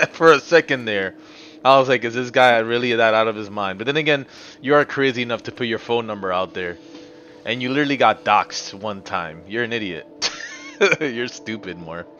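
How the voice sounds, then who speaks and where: A man playing a puzzle game on stream, cursing and ranting at the game and his chat. His voice sits at an ordinary pitch for a man. Faint game music plays behind him. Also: sharp tone, highs cut off. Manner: profane, ranting, talks to chat. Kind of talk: live gameplay commentary.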